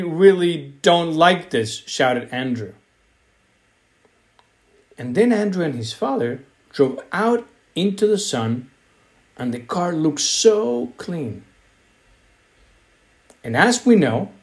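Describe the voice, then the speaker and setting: A man reads a children's story aloud, slow and expressive. His voice sits a little high for a man and swings widely in a sing-song style.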